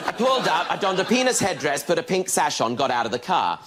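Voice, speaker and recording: A man's voice: a little high, sing-song, quick pace, crowd noise. A man in his thirties doing camp, theatrical, self-mocking stand-up comedy. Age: 30s.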